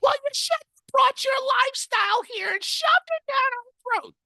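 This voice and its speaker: Shrill scolding old granny, shrieking way up high, gravelly edge. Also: female voice, animated, moderate pace, pushed and bright, no room sound, heavily acted.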